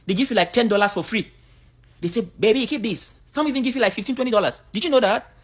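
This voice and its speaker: A woman's voice: on the high side, rapid-fire. A woman from Cameroon, giving a blunt, outspoken vlog monologue. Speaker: vlogger.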